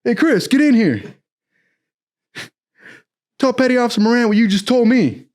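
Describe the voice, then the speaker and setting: A man's voice: on the high side, very animated, moderate pace, mellow, pitched above the performer's own voice. A man voicing a short-tempered male navy chief who barks profane orders at recruits. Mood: incredulous. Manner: barking, profane, commanding.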